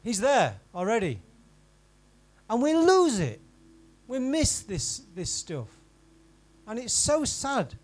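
A man preaching a sermon in a church, in a conversational style that swings from emphatic to quiet and intimate. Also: very high voice, huge pitch swings, takes it slowly, low-quality recording. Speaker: pastor.

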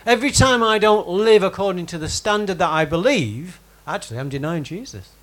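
Male preacher, conversational sermon, bright high register with very animated pitch. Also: fairly quick. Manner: conversational, quizzes congregation by name. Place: church hall with congregation.

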